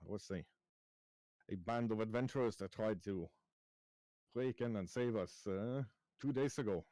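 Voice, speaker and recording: A man voicing a gruff rescued male traveler who sprinkles German-style curses into his speech during a tabletop game. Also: fairly low pitch, a little slow, mellow, dry recording, lightly acted, poor audio. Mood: urgent. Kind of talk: tabletop role-play voice.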